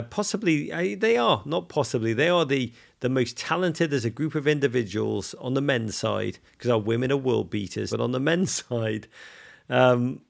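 Gravelly effusive English man. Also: mid-range voice. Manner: effusive, rambling storyteller with many restarts. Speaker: podcast co-host. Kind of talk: casual podcast chat.

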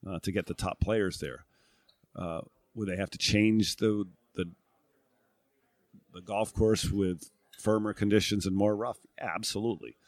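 Speaking as a casual interview guest, a middle-aged New Englander who once played on tour and later worked as a broadcast analyst talks a little slowly in a fairly low voice with fairly even intonation. He reflects aloud, restarting phrases and using frequent "uh" and "um." The sound is dry and close, with no room sound.

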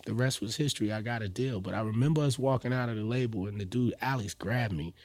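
A man, a guest rapper telling animated stories in a podcast interview and acting out what people said. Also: medium pitch, fast, no echo, studio quality. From New York. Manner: animated storyteller who acts out quotes.

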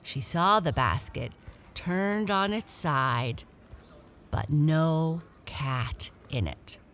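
A woman reading a children's storybook aloud in a gentle, expressive way. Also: low-pitched, very slow, slight background noise.

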